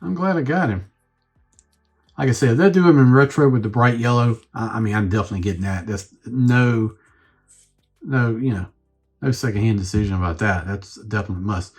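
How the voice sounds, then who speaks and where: A man's voice: lowish voice, fairly quick, breathy edge, faint music behind. A man reviewing a toy on his own channel, rambling and thinking aloud as he fiddles with the figure. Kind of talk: casual unscripted review.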